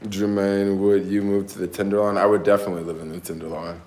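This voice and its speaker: A man with a softened Black Southern American accent chats to his viewers in a casual livestream from home. He rambles in relaxed slang, circles back on his thoughts and keeps closing his lines with "yo.". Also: low-pitched, fast talker, echoey room. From American South, family in Tennessee. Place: home in San Francisco.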